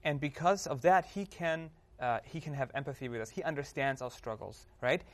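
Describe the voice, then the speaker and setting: A man's voice: mid-range voice, a little fast. Earnest man discussing scripture. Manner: earnest, quotes scripture, fillers like "you know" and "right". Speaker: panel member. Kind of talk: casual Bible discussion.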